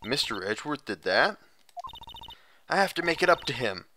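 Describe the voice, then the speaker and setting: A man voicing an excitable young woman, a girl spirit medium, with a chatty, chirpy manner, for a game playthrough. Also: medium pitch, moderate pace, slight background noise. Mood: eager.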